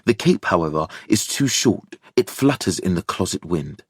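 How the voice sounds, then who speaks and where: A man narrating an audiobook thriller in a measured, even storytelling manner. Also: low-pitched, breathy edge, dry recording, clean studio sound.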